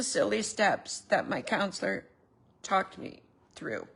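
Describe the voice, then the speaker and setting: A woman's voice: mid-range voice, sing-song, takes it slowly, creaky, fairly bright tone, breathy edge. A woman speaking earnestly and openly emotional in a personal confessional vlog, recorded at home in her living room. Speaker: vlogger.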